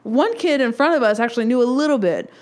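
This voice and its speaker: A woman in her twenties hosting a casual solo podcast, telling a rambling, excitable fan story. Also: fairly high pitch, fast talker. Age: 20s. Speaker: podcast host.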